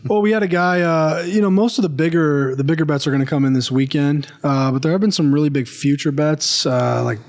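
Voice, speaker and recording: A man's voice: fairly high pitch, fairly quick, few pauses, darkish tone. A man co-hosting a sports betting podcast, explaining line moves analytically with dry jokes. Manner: analytical, dryly joking. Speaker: sportsbook executive, co-host. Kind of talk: casual sports betting chat.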